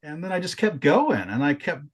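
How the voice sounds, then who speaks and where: Man, podcast co-host, casual chat, animated storytelling, restarts and cursing. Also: fairly high pitch, fairly quick, breathy edge.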